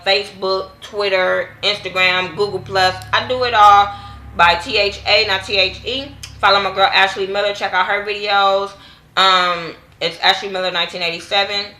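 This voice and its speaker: Young woman vlogger, AAVE speech, blunt and profane, bright forceful tone, casual recap. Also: reverberant. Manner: blunt, cussing, acts out quotes with raised pitch. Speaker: YouTube TV reviewer.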